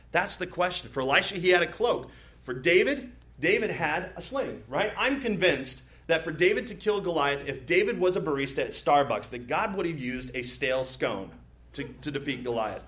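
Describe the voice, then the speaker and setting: A man preaching a sermon from a church stage, his voice sitting a little high for a man. He talks casually and playfully, tossing in asides and rhetorical checks with his listeners, and he jumps up in pitch when he acts out imagined voices. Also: a bit bright. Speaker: pastor.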